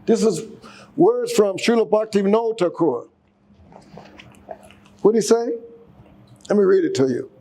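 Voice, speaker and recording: A man's voice: high voice, expressive, measured pace, pauses often, mellow. A man giving a casual sermon, exhorting the congregation, often repeating and restarting his words. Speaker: speaker giving a class.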